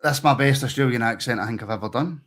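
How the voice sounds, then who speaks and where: A man's voice: mid-range voice, fast talker, a bit bright. A Scottish man hosting a football phone-in, chatting in a friendly and agreeable way with callers. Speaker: phone-in host. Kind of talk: casual phone-in chat.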